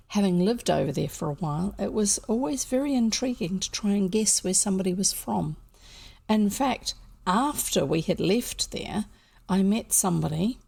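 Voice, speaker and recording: A woman with a New Zealand accent chats casually between chapters of a storybook reading. Her voice is gravelly and husky, and she talks in a loose, rambling way while snacking on cheese and coffee. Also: mid-range voice, darkish tone. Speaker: storybook reader.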